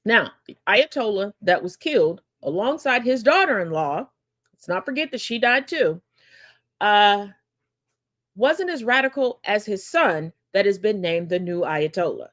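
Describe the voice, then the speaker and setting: A woman's voice: medium pitch, big pitch swings, unhurried, fairly bright tone. A woman hosting a daily news commentary stream, talking in a sassy, sarcastic way and laughing often. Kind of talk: casual political commentary.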